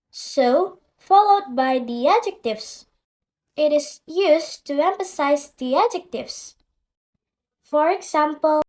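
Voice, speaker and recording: Slow high-voiced woman teaching grammar. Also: a little mellow. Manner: clear deliberate explaining, reads out example sentences. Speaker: English teacher.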